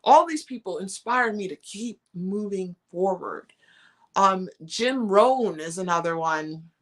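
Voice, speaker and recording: A woman hosting a live stream, chatting casually and warmly while reading out viewer comments. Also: mid-range voice, animated, slow pace. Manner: warm, encouraging, reads chat comments aloud.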